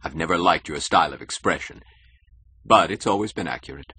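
A man voicing a suave, scheming male critic who talks in a smooth, condescending, measured way. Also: deep voice, sharp tone, full character voice. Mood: sly.

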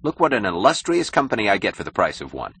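A man voicing a cynical, powerful male publisher who speaks gravely and with smooth mockery in an audiobook. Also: lowish voice, very animated, quick pace, a bit bright, slight background noise, voice pushed up. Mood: mocking.

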